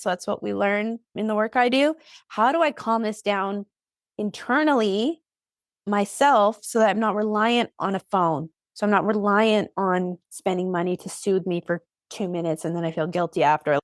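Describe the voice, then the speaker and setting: A woman therapist and coach talking in a podcast interview, energetic and emphatic, speeding up in quick bursts. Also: mid-range voice, dry recording, studio quality. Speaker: ADHD therapist and coach, guest.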